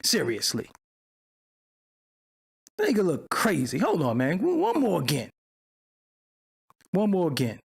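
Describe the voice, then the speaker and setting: Male streamer host, gravelly voice, lively swooping delivery, profane and mocking, picks fights with chat. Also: fairly high pitch, a little slow, pauses often. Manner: argues with chat viewers. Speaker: channel host. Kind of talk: livestream commentary rant.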